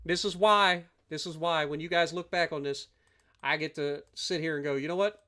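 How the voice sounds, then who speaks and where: A man's voice: fairly high pitch, fairly even intonation, moderate pace, sharp tone, clean tone. A man streaming a strategy game live, ranting and swearing at his opponents as he plays. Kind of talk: live gameplay commentary.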